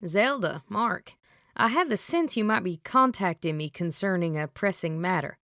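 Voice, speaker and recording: Woman doing a gruff older Southern man, grumpy psychic, low and dry. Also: expressive, moderate pace, no echo. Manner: gruff, then softening.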